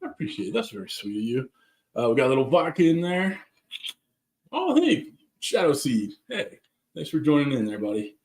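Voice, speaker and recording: This cooking channel host, a man with a Southern California accent, talks quickly and expressively in a mid-range, darkish voice. Streaming live from his backyard, he keeps the chat loose and calls out viewers by name, with an echoey room sound.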